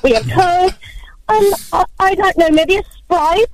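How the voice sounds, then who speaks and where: A woman's voice: very high voice, unhurried, music in the background, voice pushed up, low-quality recording. A woman voicing an overeager, chirpy drive-through worker who gushes to please. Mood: gushing. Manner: gushing, eager to please.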